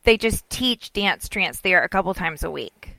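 A woman's voice: on the low side, expressive, normal speed, creaky, sharp tone, dry recording. A middle-aged woman chatting casually as a podcast co-host, telling rambling stories and acting out what people said. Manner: chatty, rambling storyteller, acts out quotes. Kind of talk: casual chat.

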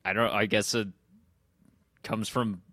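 Man, podcast host, bright, rambling casual recap, dry close mic. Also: lowish voice, little pitch movement, unhurried, no room sound. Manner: loose, rambling recap, often slips into quoting characters. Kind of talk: casual chat.

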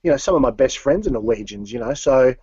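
A man's voice: mid-range voice, animated, fast talker, warm tone, husky, no room sound, muffled recording. A man, a metal musician as interview guest, talking casually and rambling with many fillers and restarts.

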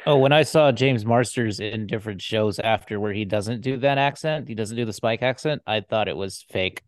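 A woman guest on a fan podcast, speaking eagerly and chiming in with quick agreements. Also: very deep voice, dry recording, clean studio sound. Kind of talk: casual fan discussion.

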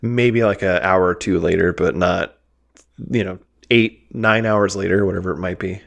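A man with a fairly low voice talks through a film on a podcast. His delivery is casual and rambling, with easy laughs between thoughts. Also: fairly even intonation, normal speed, vocal fry, a bit bright. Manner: chatty, loose, laughs easily. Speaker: podcast co-host. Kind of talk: casual movie discussion.

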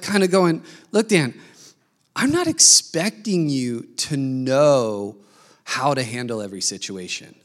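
A man preaching a sermon, telling a lively story and acting out the people in it. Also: high-pitched. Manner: animated storytelling, acting out quoted voices. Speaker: pastor.

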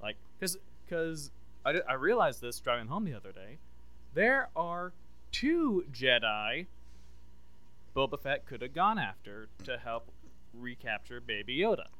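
A man with a bright, crisp, clear voice talks in a loose, rambling podcast chat. He is enthusiastic and pitches ideas as he goes. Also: very animated, unhurried. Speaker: podcast co-host. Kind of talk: casual chat.

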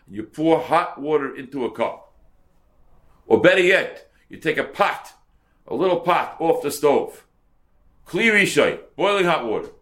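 A man with a medium-pitched, fairly bright voice teaches a Torah class as a rabbi. He translates verse by verse and repeats words for emphasis.

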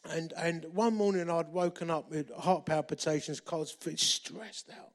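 A man preaches by telling his own story. He is animated and jokes at his own expense. His speaking voice sits somewhat high. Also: measured pace. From England. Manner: animated, self-deprecating humour. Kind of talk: storytelling sermon.

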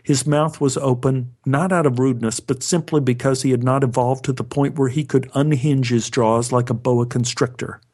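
A man's voice: mid-range voice, fairly even intonation, normal speed, hardly any pauses, darkish tone. A man narrating a personal story with a wry, dry humor. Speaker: storyteller, actor.

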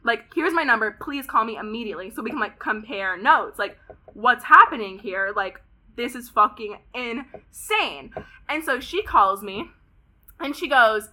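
Bright, animated young woman storyteller. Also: fairly high pitch, a little slow. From Pasadena, California. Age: about 20. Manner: animated, heavy use of "like", frequent swearing. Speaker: podcast guest. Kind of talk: casual storytelling interview.

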